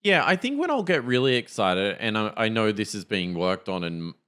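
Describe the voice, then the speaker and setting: Hesitant low-voiced man. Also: big pitch swings, normal speed, fairly bright tone, smooth. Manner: skeptical, hesitant, restarts often. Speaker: podcast co-host. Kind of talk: casual tech chat.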